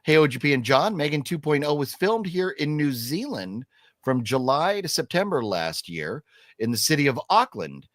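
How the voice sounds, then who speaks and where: An older man hosts a casual live stream, his voice swinging up and down with animated energy as he reads out chat comments and cracks jokes. The recording is dry and close, with no room echo. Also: fairly high pitch, moderate pace. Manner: lively, reads chat comments aloud, jokey. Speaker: co-host. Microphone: streaming setup.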